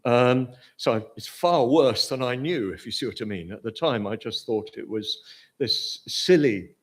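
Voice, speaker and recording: A man's voice: mid-range voice, expressive, normal speed. An older man with a posh English accent giving an informal Buddhist talk, hesitant, with many fillers and restarts. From Britain. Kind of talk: informal lecture.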